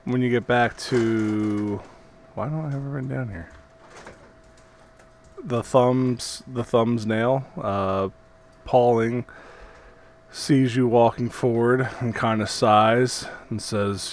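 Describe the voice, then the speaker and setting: A man's voice: mid-range voice, steady tone, takes it slowly, pauses often, a little mellow. A man running a tabletop game as game master, narrating scenes and voicing townsfolk, often laughing.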